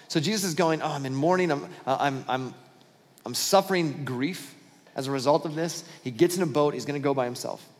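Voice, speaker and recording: A man's voice: on the high side, long reverb tail. A man preaching a sermon as pastor, telling a Bible story with acted-out dialogue and frequent restarts.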